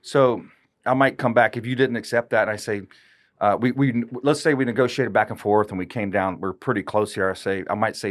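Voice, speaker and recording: Lower-voiced man explaining sales tactics. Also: steady tone, fairly quick. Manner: explains with examples and rhetorical questions. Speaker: real estate agent and guest. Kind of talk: casual podcast chat.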